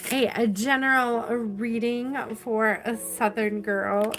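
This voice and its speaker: A woman hosting a live tarot reading, talking to her viewers in a chatty, affectionate way and stretching out the words she stresses. She sounds tired and keeps yawning as she goes on. Soft music plays faintly behind her. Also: medium pitch. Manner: chatty and affectionate, drawn-out stresses, frequent laughs. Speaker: tarot reader.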